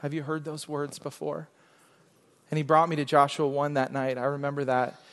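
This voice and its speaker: A middle-aged man pastor preaching a sermon, telling a quiet personal story that builds into loud, fervent exhortation. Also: fairly high pitch, flat delivery, normal speed. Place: church sanctuary. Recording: long hall reverb.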